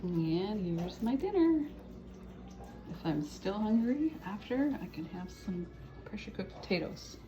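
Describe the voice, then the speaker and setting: A woman's voice: medium pitch, sing-song, unhurried, warm tone, poor audio. A woman casually narrating a food vlog from her home kitchen, in a chatty, rambling, matter-of-fact way. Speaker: food vlogger. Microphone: phone held or propped nearby.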